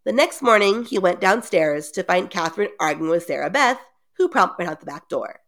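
A woman's voice: on the low side, expressive, a little fast, a bit bright. A woman hosting a podcast, retelling a story in a casual, chatty way with joking asides. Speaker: podcast host retelling a book.

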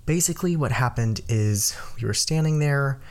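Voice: medium pitch, lively intonation, normal speed. A young adult podcast host telling a story in a casual, rambling way, with lots of fillers, who acts out the voices of people being quoted.

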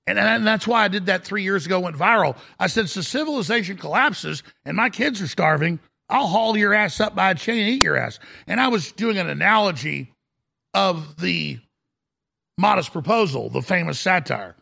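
A middle-aged man hosting a talk show, delivering an aggressive, shouting rant in a raspy voice. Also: sits high, expressive, normal speed. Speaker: radio talk show host. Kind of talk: ranting talk-show monologue.

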